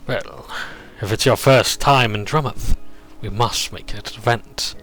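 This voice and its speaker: A man voicing a reserved, wistful fantasy adventurer who speaks earnestly and softly. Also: fairly low pitch, a little slow, soft background music.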